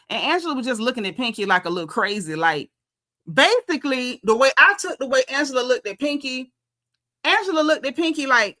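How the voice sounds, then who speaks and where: Sassy, bright-voiced woman recapping reality TV. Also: sits high, a little fast. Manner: sassy, animated, acts out quotes. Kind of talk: casual recap commentary.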